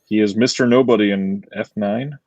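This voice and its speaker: This man has a low, husky voice. He co-hosts a podcast in casual chat, answering with short, dry remarks. The recording is dull and lo-fi, with a dead, dry sound. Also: steady tone, moderate pace, a little mellow, dry recording. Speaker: podcast co-host.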